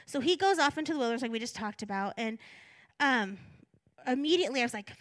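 A woman's voice: fairly high pitch, animated, fast talker, no room sound. A woman pastor giving a conversational sermon, reading scripture and acting out her own thoughts with self-deprecating asides.

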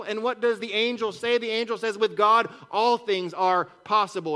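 A man's voice: high voice, pushed and bright. A man preaching a sermon in a conversational way, with rhetorical questions and repeated words. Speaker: pastor.

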